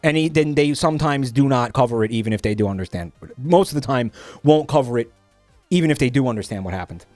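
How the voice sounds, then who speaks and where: A man's voice: mid-range voice, animated, quick pace, a little mellow, dry recording, soft background music. A young man streaming, chatting casually while reading posts, profane and rambling with many restarts.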